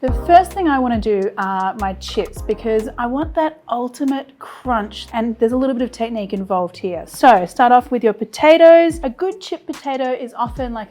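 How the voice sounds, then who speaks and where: A woman's voice: on the high side, darkish tone. An Australian woman hosting a cooking show, chatty and enthusiastic as she demonstrates a recipe.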